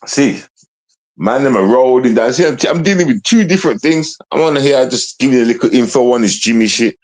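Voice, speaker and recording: A man's voice: mid-range voice, expressive, a little fast, darkish tone, poor audio. A man hosting a livestream, ranting in a casual, confrontational way and repeating himself. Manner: confrontational, repetitive, slangy, restarts often. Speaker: livestream host.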